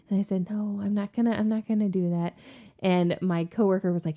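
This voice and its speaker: A woman from the American South co-hosting a casual podcast, telling stories and acting out the people in them. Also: brisk. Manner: animated storytelling, acts out coworkers in high excited voices. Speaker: co-host.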